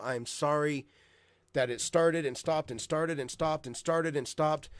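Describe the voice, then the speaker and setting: A man's voice: a little high, dry recording, clean studio sound. A man hosting a casual livestream from home, frustrated, apologizing and swearing heavily. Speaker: livestream host.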